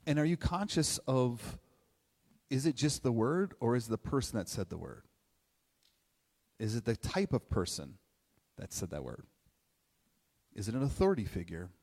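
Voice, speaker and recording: Animated middle-aged man speaking in a hall. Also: medium pitch, normal speed, pauses often. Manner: conversational, animated, asks many questions, keeps tagging "right?". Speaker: motivational speaker. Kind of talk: live talk to an audience. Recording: long hall reverb.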